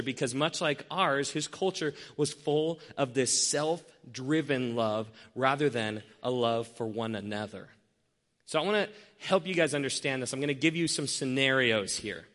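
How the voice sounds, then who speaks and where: A man preaching a sermon, telling an everyday story and acting out its scenes with lively shifts in voice. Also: a little high. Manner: animated, acts out scenarios with changing voices. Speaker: pastor. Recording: long hall reverb.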